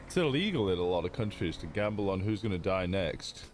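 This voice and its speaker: A man's voice: deep voice, sing-song, brisk, a little hiss or hum. A man livestreaming a roleplay game, chatting casually with his viewers in a rambling, self-interrupting way. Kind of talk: casual chat with stream viewers.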